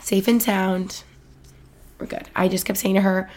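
A woman's voice: mid-range voice, steady tone, unhurried, a little mellow. A young woman hosting her own podcast, chatting casually and gushing, with lots of "like"s and asides dropping to a whisper. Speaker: podcast host. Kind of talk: casual solo chat.

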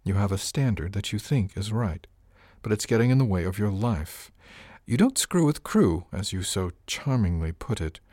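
Guy doing a teasing woman ship chief, mocking and fed up, low voice pushed up, dry close read. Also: expressive, normal speed, dry recording. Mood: lecturing. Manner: gently mocking, exasperated. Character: sharp-witted adult woman ship's chief, teasing. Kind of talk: audiobook character voice.

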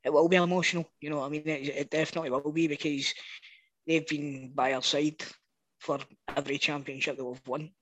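A man's voice: fairly high pitch, flat delivery, fairly quick, a bit bright, no echo, low-quality recording. A young Scottish man co-hosting a casual podcast chat, earnest and fond of asking "you know what I mean". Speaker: podcast co-host. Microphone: podcast microphone.

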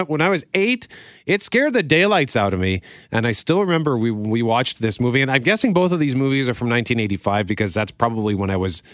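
A man's voice: mid-range voice, a bit bright, no echo, clean studio sound. A man in his forties hosting a casual show, chatty and laughing often as he tells stories. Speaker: radio show host reviewing movies. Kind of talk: casual chat.

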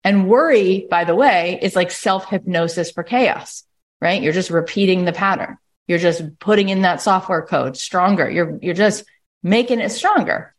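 A woman hosting a podcast minisode, giving a casual motivational monologue in an animated way, acting out little inner voices and often asking "right?". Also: fairly low pitch, moderate pace. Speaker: podcast host.

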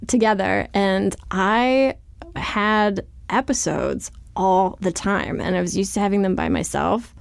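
A woman's voice: mid-range voice, measured pace, vocal fry, smooth, no echo. A woman author being interviewed, talking frankly and casually with lots of "like". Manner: chatty, frank, fills speech with "like". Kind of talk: candid conversational interview.

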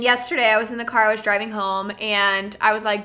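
A young woman hosting a podcast in casual chat, animated, shifting between soft talk and loud bursts, laughing often. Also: medium pitch, quick pace, few pauses. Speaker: podcast host.

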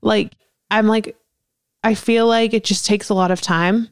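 A woman's voice: mid-range voice, steady tone, unhurried, smooth, no echo, studio quality. A young woman co-hosting a podcast, chatting in an upbeat, casual way. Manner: chatty, upbeat, uses "dude" and "honey". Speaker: podcast co-host. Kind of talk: casual chat.

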